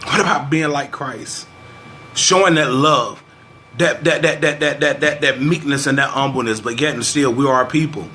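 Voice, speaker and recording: A man's voice: mid-range voice, normal speed, background noise. A man delivering a fervent, preacher-style vlog rant, quoting scripture, repeating phrases for emphasis and saying openly how frustrated he is. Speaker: vlogger. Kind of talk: preachy social commentary vlog.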